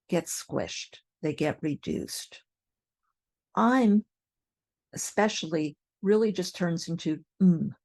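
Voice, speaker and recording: A woman English teacher, speaking slowly and clearly as she models example sentences. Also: on the low side, a little mellow, no echo, clean studio sound. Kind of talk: slow, careful teaching.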